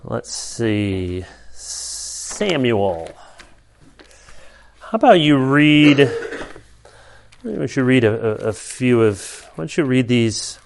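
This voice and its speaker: A man preaching a sermon in a conversational, emphatic way. His voice sits at an ordinary middle pitch and he moves easily between teaching points and personal stories. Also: lively intonation, slow pace, vocal fry. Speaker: pastor.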